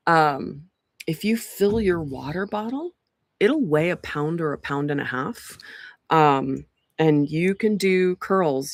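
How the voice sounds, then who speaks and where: A woman's voice: low-pitched, dry recording, clean studio sound. A woman hosting a community livestream from an outdoor porch, talking casually into a laptop mic with lots of ums and restarts. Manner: chatty, rambling, frequent ums and restarts. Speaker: community group host. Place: outdoor porch among pines. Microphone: laptop microphone.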